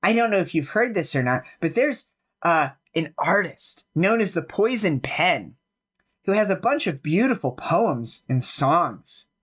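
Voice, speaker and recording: A man's voice: a little high, big pitch swings, measured pace, fairly bright tone, slightly rough, pitched above the performer's own voice, exaggerated voice. A man voicing a chatty townsperson in a tabletop game who rambles eagerly.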